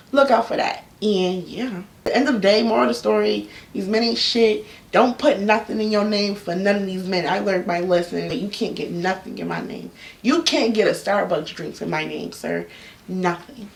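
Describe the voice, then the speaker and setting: A young woman telling a personal story in a casual, candid vlog, full of slang and animated asides. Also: medium pitch, gravelly. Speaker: YouTube storyteller. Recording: echoey room, a bit off-mic.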